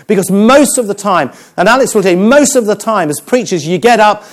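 A male preacher with a lively, wide-ranging voice that climbs and falls with every point. He talks with humour and drops to a soft, grave tone for serious stories. His pitch sits a little high for a man. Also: brisk. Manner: animated, humorous preaching with dramatic quiet passages. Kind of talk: sermon.

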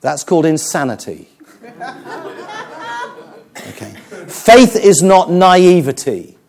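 A male preacher with a lively, wide-ranging voice that climbs and falls with every point. He talks with humour and drops to a soft, grave tone for serious stories. His pitch sits a little high for a man. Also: slow. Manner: animated, humorous preaching with dramatic quiet passages. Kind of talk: sermon.

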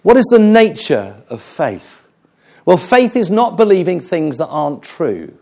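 This male preacher has a lively, wide-ranging voice pitched a little high for a man, climbing and falling with each point. He preaches unhurriedly and with humour, dropping into a soft, grave tone for serious stories in dramatic quiet passages.

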